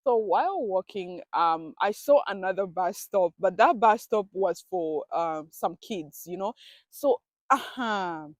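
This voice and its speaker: A woman's voice: medium pitch, animated, measured pace, no echo. A woman telling a casual storytime vlog, chatty and dramatic, often talking to herself. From grew up in a village abroad. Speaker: vlogger.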